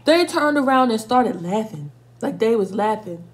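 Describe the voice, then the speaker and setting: A woman's voice: a little high, animated, moderate pace. A woman in her twenties telling casual, profane stories while eating for a mukbang video, stopping now and then to react to spicy food. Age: 20s. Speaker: mukbang vlogger.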